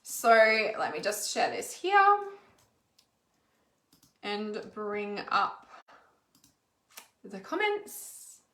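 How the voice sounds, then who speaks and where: A woman's voice: medium pitch, huge pitch swings, extremely slow, pauses often, fairly bright tone, roomy sound, a little hiss or hum. An Australian woman hosting a casual spiritual livestream, chatting in a rambling way with lots of fillers. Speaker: intuitive healer hosting a livestream.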